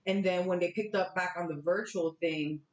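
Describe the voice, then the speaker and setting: A woman in her thirties hosting a podcast, telling stories in a chatty, animated way. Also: fairly low pitch, normal speed, muffled recording. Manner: chatty, animated storytelling with laughs. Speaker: podcast host. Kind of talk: casual chat. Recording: roomy, echoey sound.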